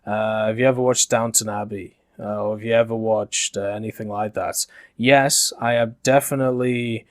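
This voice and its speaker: A man from Yorkshire speaking with a softened middle-class British accent, giving casual, rambling gaming commentary full of "uh" fillers. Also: on the low side, fairly even intonation, normal speed, hardly any pauses, no room sound, clean studio sound. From Yorkshire, England. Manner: conversational and rambling, frequent uh fillers.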